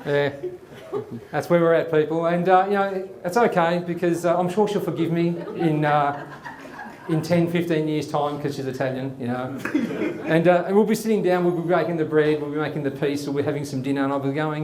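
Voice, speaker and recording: A man's voice: fairly high pitch, steady tone, brisk, a little mellow, roomy sound, a little hiss or hum. A man hosting a live comedy show, telling rambling stories with lots of fillers. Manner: rambling, chatty, many fillers. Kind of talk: live stand-up storytelling. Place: studio before a live audience.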